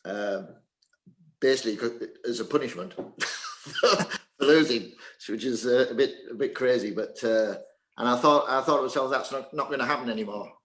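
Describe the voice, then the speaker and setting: A man's voice: mid-range voice, animated, moderate pace, echoey room, poor audio. An older man from England, a former table tennis player and coach, reminiscing in a Q&A in a hesitant way, with many fillers and restarts. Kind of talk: casual reminiscing in a Q&A.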